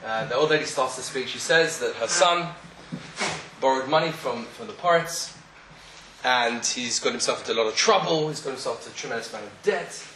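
A man telling a story in a sermon, animated, acting out the voices of the people in it. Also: medium pitch, a little fast, a little hiss or hum. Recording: echoey room, faint ambience.

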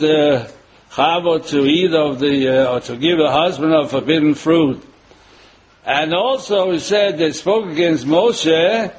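An older man, a rabbi, preaching a sermon and weaving in a personal story with frequent pauses and fillers. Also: on the high side, poor audio. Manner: rambling, many filler pauses, chuckles at own jokes.

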